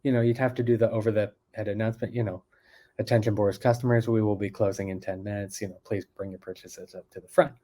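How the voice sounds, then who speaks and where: Mellow easygoing man telling stories. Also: fairly low pitch, fairly even intonation, quick pace. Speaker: guest, card magician. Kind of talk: casual chat.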